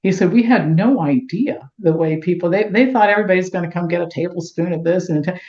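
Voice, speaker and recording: A middle-aged woman being interviewed, telling lively anecdotes and acting out the dialogue. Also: on the low side, fast. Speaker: guest, health doctor. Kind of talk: storytelling in interview. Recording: roomy, dull lo-fi sound.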